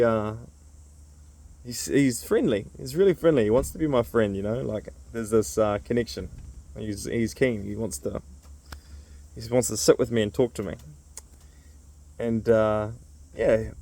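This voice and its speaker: Gravelly man telling a rambling story. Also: medium pitch, dark tone, no room sound. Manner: rambling with many fillers. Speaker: men's circle host. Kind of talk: casual storytelling.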